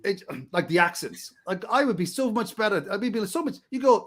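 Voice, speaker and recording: High, lively man with a Barnsley accent. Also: brisk. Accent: Barnsley, Yorkshire. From England. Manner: animated storytelling, laughs often, stumbles. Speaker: podcast co-host. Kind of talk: casual chat.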